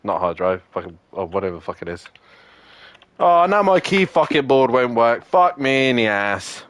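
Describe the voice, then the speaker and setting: Swearing all the time and ranting in exasperation, a young man chats casually with friends as he streams a racing game. His mid-range voice is very animated, a bit bright, at normal speed, with no room sound.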